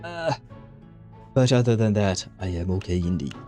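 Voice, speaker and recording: Lively low-voiced male game streamer. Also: moderate pace, faint music behind. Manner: chatty, laughs often, stumbles over words. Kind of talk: casual gaming stream chat.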